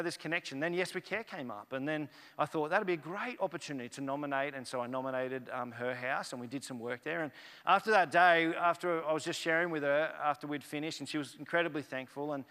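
Male pastor, sermon storyteller, slightly high voice, lively, echoey hall. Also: quick pace, smooth. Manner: animated storyteller acting out dialogue. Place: church.

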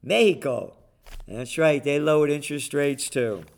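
A man's voice: a little high, measured pace, gravelly. A man hosting a commentary show, ranting sarcastically about politics and markets with mocking name-calling.

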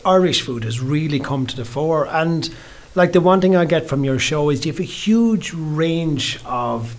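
A man's voice: a little high, animated, measured pace. A man interviewing a guest on radio, encouraging and complimentary as he asks his questions.

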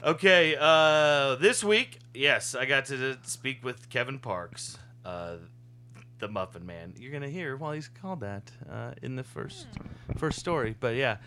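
A man's voice: medium pitch, pushed and bright, clear, resonant tone. A man hosting a comedy podcast, setting up the next segment in a loose way with lots of fillers. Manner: loose, filler-heavy setup. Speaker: host. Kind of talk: casual podcast intro.

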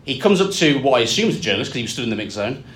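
Animated man telling stories live. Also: medium pitch, racing. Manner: lively storyteller, acts out quotes. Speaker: podcast co-host. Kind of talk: live podcast storytelling. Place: function suite with a live crowd.

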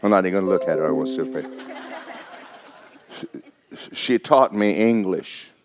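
A man's voice: deep voice, moderate pace, a crowd in the background, noisy background. A male pastor, preaching a sermon in a folksy, humorous way.

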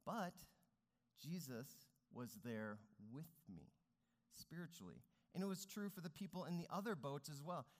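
Earnest preaching man, lively pitch. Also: a little slow. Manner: earnest, rising and falling emphasis. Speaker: pastor. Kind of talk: sermon. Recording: long reverb of a large hall.

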